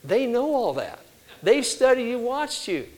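An older man preaching a sermon, telling family stories and acting out quoted voices with animated delivery. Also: very high voice, measured pace, rough recording.

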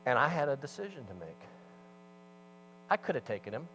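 A man preaching a sermon as pastor, telling a story with animated swings between loud emphasis and hushed asides. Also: mid-range voice, normal speed, long pauses, slight background noise, rough recording.

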